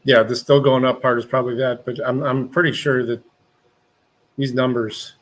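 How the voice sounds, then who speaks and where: A man with a slightly husky voice chats casually with a fellow streamer. He rambles and hesitates, often stopping and restarting his sentences. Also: medium pitch, little pitch movement, normal speed, rough recording. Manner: rambling, hesitant talk about channel numbers. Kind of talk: casual chat.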